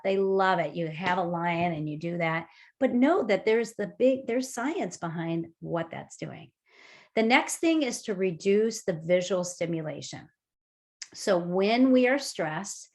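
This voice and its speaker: A woman on a video call leading a mindfulness workshop, guiding breathing and movement exercises in a lively, chatty way with frequent fillers. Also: mid-range voice.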